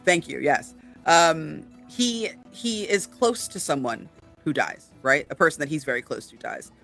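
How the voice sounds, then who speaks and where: Over soft background music, a podcast co-host talks casually about tabletop games, leaning on fillers and frequently asking "right?". Her low-pitched voice is creaky yet fairly bright, animated but unhurried.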